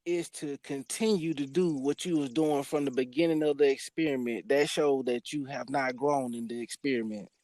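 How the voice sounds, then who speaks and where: A man's voice: mid-range voice, steady tone, moderate pace, few pauses, darkish tone, dry recording. A man hosting a talk show, preaching emphatically and often restarting his sentences. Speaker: host. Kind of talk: spiritual discussion.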